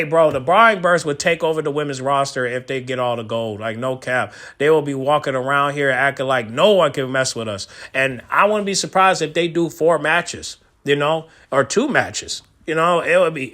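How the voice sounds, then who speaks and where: A man's voice: medium pitch, normal speed, bright, forceful tone. A man giving his opinions in a casual vlog, slangy and chatty, often restarting and correcting himself mid-sentence. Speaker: wrestling commentary vlogger.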